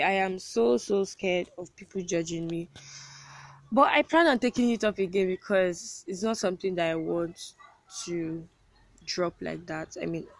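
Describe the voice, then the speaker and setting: A woman's voice: fairly low pitch, creaky, no room sound. A young woman in her first year at university, chatting to her viewers and telling a story with repeated words and frequent laughter. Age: young adult. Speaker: vlogger. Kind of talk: casual storytelling to camera.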